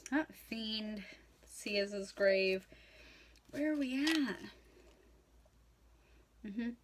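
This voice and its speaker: A woman's voice: mid-range voice, a bit bright, slight background noise. Tipsy, rambling young woman. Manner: slurring, profane, rambling. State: drunk. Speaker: comedic host retelling a novel. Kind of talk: tipsy casual storytelling.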